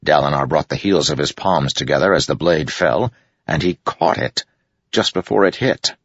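A man narrating a fantasy audiobook in a measured, dramatic reading. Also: a bass voice, fairly bright tone, breathy edge, no room sound, muffled recording. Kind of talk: scripted narration.

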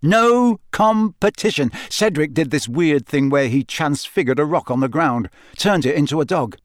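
A man's voice: a little high, dry recording, clean studio sound, close to an everyday voice. Man reading as a gushing teenage boy wizard. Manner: eager, gushing, rambling. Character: excitable teenage boy wizard, chatty best friend. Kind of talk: audiobook character reading.

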